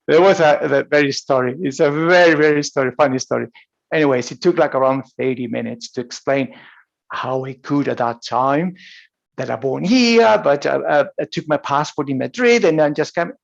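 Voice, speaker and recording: Gravelly Spanish-accented man, motivational coach. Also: fairly high pitch, moderate pace, lo-fi sound. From Spain. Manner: storytelling, with frequent restarts and laughs. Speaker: high performance coach. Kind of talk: motivational talk.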